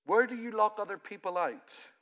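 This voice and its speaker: A man from Ireland, the pastor of the church, preaching a sermon that swells loud in places and then falls to a quiet, intimate tone. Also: high voice, normal speed. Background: soft music from the church band.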